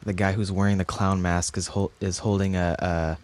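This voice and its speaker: Deep-voiced man, halting casual talk. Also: flat delivery. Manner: halting, hesitant, many fillers. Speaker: podcast co-host. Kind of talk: casual chat.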